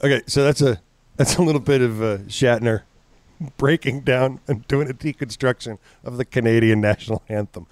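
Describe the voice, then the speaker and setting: A man's voice: medium pitch, moderate pace, darkish tone, dry recording. A man hosting a podcast, chatting casually with crude, sardonic, profane humor. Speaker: podcast host. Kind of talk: casual chat.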